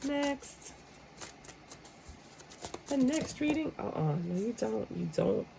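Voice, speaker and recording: A woman doing a casual tarot reading, blunt and joking, acting out how people react in a lively way. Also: on the high side, slow pace, gravelly, background noise. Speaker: tarot reader. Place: room with a squeaky chair.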